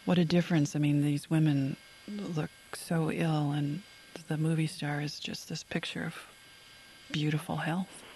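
A woman's voice: low voice, flat delivery, unhurried, warm tone, slight background noise. A woman hosting a radio interview, asking reflective, engaged questions.

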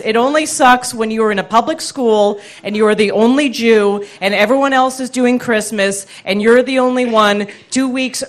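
A woman telling a funny personal story live on stage with animated, self-deprecating comic timing, into a stage microphone. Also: fairly high pitch, a little hiss or hum. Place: live stage before an audience.

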